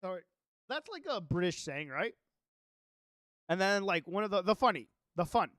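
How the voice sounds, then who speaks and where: Chatty young male streamer, high voice. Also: sing-song, moderate pace, fairly bright tone, no echo, clean studio sound. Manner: chatty, rambling, reads his own text aloud. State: sleepy, yawning. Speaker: Minecraft streamer. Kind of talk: casual live-stream chat.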